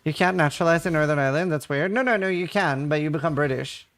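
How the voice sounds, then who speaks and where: A man's voice: a little high, fast, fairly bright tone. A man from Norway in his thirties, chatting casually with viewers while gaming, reading their questions aloud and swearing now and then. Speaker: livestreamer.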